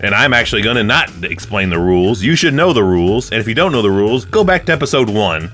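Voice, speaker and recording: Low, bright-voiced man ranting casually. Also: big pitch swings, fast talker, soft background music. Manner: blunt, swears often, jokey rants. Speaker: podcast co-host. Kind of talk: casual chat.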